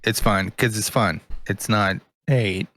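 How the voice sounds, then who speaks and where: A man's voice: lowish voice, fairly even intonation, slow pace, fairly bright tone, dry recording. A man from the American South with a slight generic Southern accent, joking around while co-hosting a podcast. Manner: joking, teasing. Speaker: podcast co-host. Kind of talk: casual chat.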